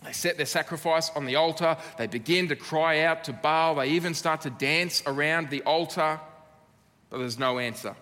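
Australian man, preaching, emphatic with pauses, slightly high voice, echoing hall. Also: pushed and bright. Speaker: pastor. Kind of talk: sermon.

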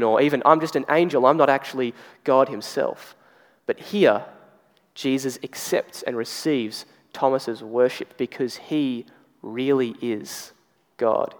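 A man delivers a sermon in a relaxed, conversational way, leaning on pauses for weight. His voice sits a little high for a man. The sound carries a long echo from a church hall. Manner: conversational preaching, dramatic pauses. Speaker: pastor.

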